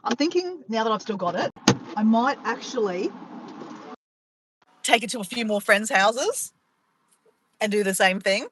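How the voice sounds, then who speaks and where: A woman vlogger telling a funny story to her viewers, animated and laughing, swearing freely. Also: fairly high pitch, a little slow, pauses often, a little hiss or hum, low-quality recording. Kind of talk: casual storytelling to camera.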